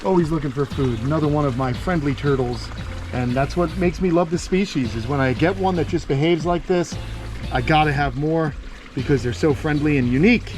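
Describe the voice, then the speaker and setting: A man's voice: a little high, fairly quick, darkish tone, soft background music. Breathless upbeat man vlogging outdoors. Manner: chatty and upbeat, talks to the animals fondly. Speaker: vlog host. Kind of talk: casual vlog walkthrough. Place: outdoor backyard. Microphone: handheld phone.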